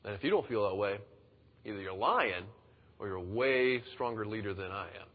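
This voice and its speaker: Animated and fairly low-pitched, this man speaks at a moderate pace as a pastor giving a sermon in a conversational style. He performs the voices of those he quotes, recorded with dull sound in a reverberant hall.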